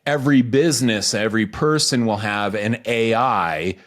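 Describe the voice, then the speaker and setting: A man co-hosting a podcast, talking casually and energetically in quick bursts with restarts. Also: lowish voice, fairly bright tone. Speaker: podcast co-host.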